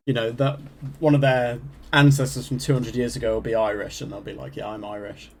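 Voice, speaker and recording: A man's voice: medium pitch, steady tone, fairly quick, vocal fry, darkish tone. A young British man co-hosting a podcast, chatting casually with dry, wry remarks. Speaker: podcast co-host. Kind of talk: casual chat.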